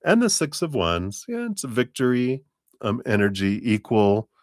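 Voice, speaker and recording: A man's voice: mid-range voice, wildly swooping pitch, moderate pace, no echo, clean studio sound. A man giving a chatty live tarot reading to viewers, laughing often and acting out playful quoted lines. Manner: acts out playful quoted voices for cats. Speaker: tarot reader.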